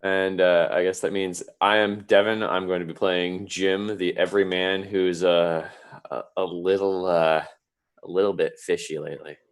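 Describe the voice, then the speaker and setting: A man's voice: low voice, level tone, moderate pace, smooth. A man player in a tabletop game, joking and hesitant, with many fillers. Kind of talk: casual chat.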